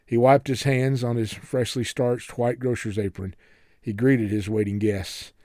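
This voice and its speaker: A man narrates a novel chapter in a steady, measured storyteller's voice. His tone is mellow and warm. The recording is dry and close. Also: mid-range voice, no room sound. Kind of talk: audiobook narration.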